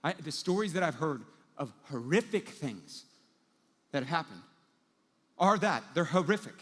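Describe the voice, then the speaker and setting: A man preaches a sermon to a live audience with a fairly high voice, telling the story casually and acting out the people in it. The sound is a large hall with a long reverb trailing every phrase. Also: very animated, moderate pace, a bit bright. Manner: casual storytelling, acts out quoted characters. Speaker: pastor.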